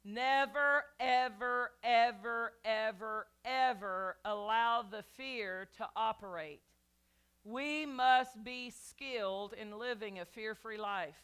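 A woman's voice: fairly high pitch, takes it slowly, a bit bright, smooth. A woman pastor delivering a sermon, emphatic and repetitive, calling out to her congregation.

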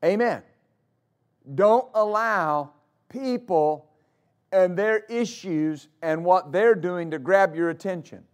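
Male pastor mid-sermon; raised pitch, emphatic delivery with repeated phrases and loud-soft swings. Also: takes it slowly, smooth. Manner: emphatic, repeats phrases for stress, rises and drops loudness.

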